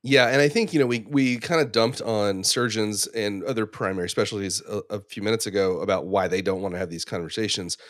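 A man in his forties, an ICU clinician, talking through a medical dilemma in relaxed conversation, telling stories with fillers and restarts. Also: on the low side, brisk, hardly any pauses, no echo, studio quality. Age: 40s. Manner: reflective, storytelling with frequent fillers and restarts. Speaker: ICU clinician, podcast co-host. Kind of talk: casual professional discussion.

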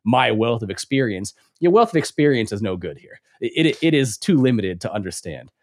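A man's voice: medium pitch, big pitch swings, a little fast. A man working as an ICU clinician, speaking emphatically in a casual discussion, pressing points about bias and data and laughing between them. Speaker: ICU clinician, podcast co-host.

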